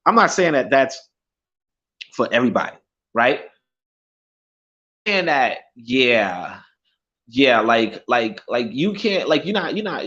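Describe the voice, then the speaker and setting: A man's voice: a little high, fairly bright tone, dull audio. A man telling a story in a casual, profane vlog outdoors, laughing and swearing as he goes. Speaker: vlogger. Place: outdoors in the sun.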